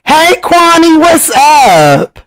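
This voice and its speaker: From his home, a man hosts a tarot livestream, reading viewer comments and chatting with them casually and teasingly. He laughs often, draws out his words, and jumps up in pitch when excited, though the audio is poor.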